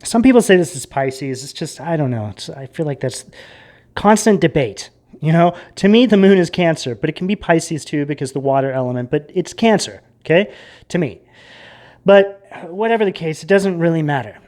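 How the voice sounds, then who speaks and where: Casual tarot reader, chats loosely to camera, lots of "like" and "right?", mid-pitched voice, drifts into quiet asides. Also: lively intonation, moderate pace. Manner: chatty and rambling, with many fillers and tag questions.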